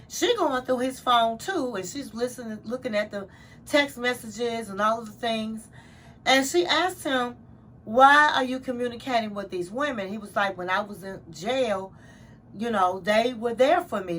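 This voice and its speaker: A woman's voice: fairly high pitch, a bit bright. A woman casually recapping a reality show episode, retelling scenes and quoting what people said.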